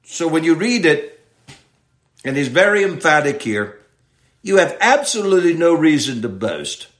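A man teaching a Bible passage verse by verse in sermon style, reading slowly and stressing key words. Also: fairly high pitch, very animated, echoey room. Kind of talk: expository sermon.

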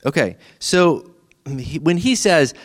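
A man's voice: fairly high pitch, lively intonation, slow pace. A middle-aged man, preaching a sermon in a conversational way and asking the listeners questions. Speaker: pastor.

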